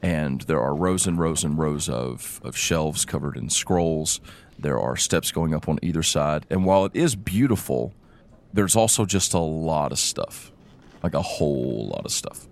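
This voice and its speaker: A man's voice: very deep voice, expressive, a little slow, gravelly. A man narrating a tabletop game as game master, rambling with fillers.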